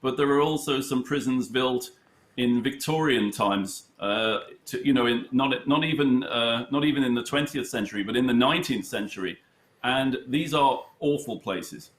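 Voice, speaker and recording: A man from the United Kingdom tells stories at a relaxed, halting pace, often restarting his sentences. His voice sits at an ordinary middle pitch. The sound is roomy and echoey, as if recorded in a bare room over a call. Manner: hesitant, many fillers and restarts, storytelling. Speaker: chess charity head, studio guest. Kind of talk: conversational interview answers. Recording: roomy echo.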